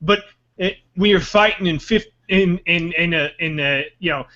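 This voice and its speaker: Man, podcast co-host, high bright voice, sarcastic, rambling, lo-fi audio. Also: moderate pace. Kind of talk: casual banter.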